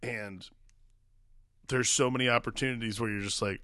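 A man's voice: medium pitch, fairly even intonation, normal speed, noisy background. A man co-hosting a casual comedy podcast about a movie, chiming in with dry, laid-back agreement and asides. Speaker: podcast co-host.

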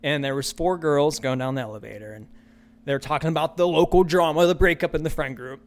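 A man's voice: a little high, a little fast. A man hosting a solo podcast, ranting with profanity and repeating his lines for emphasis. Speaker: podcast host.

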